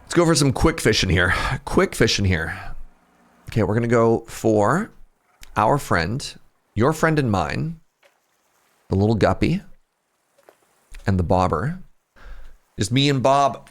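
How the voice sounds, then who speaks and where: Gravelly Canadian Pacific Northwest guy. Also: medium pitch, sing-song, a little slow, pauses often. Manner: rambling, chatty, laughs often. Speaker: streamer playing a fishing game. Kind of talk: casual livestream chat with viewers.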